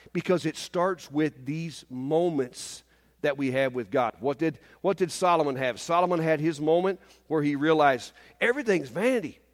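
Man in his fifties, preacher, fairly high voice, lively sermon delivery, long church hall reverb. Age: 50s. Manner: animated preaching, often asks the congregation "Amen?". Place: church service.

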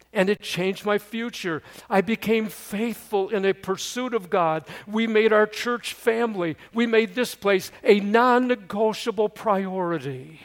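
An older man, a pastor and great-grandfather, preaching a sermon. He moves from loud storytelling to low, hushed pleading.

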